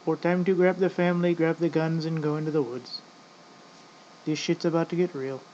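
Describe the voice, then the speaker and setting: A man's voice: a little high, little pitch movement, moderate pace, a little mellow. A man in casual ranting commentary, rambling and profane, often addressing "folks". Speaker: vlogger. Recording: dull lo-fi audio with faint noise.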